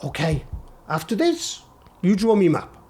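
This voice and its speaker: A man's voice: high voice, big pitch swings, a little slow, mellow. A man voicing a jovial Hong Kong police sergeant who speaks in clipped, broken English and repeats himself. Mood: friendly.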